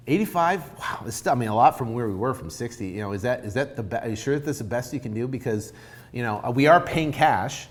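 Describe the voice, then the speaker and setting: A man's voice: medium pitch, quick pace. A man giving informal coaching on real estate deals, acting out both sides of a negotiation. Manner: animated, acts out both sides of a deal.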